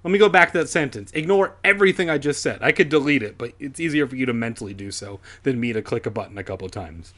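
A man's voice: medium pitch, animated, fast, few pauses, pushed and bright. A man reading a kids' horror book aloud as a comedy host, breaking off for sarcastic asides. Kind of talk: comedic read-aloud with commentary.

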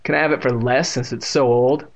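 A man's voice: mid-range voice, fairly even intonation, brisk, creaky. A man voicing an eager, sarcastic young boy in a read-aloud story. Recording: muffled lo-fi recording.

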